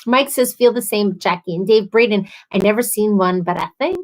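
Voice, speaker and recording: A woman's voice: mid-range voice, normal speed, poor audio. A woman hosting a casual livestream, reading viewer comments aloud and chatting in a bubbly, chatty way. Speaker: livestream host.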